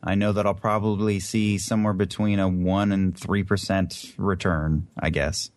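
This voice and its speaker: Deep-voiced New Jersey man, dry sound. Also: flat delivery, moderate pace, no echo. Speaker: voice actor guest. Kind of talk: casual interview chat.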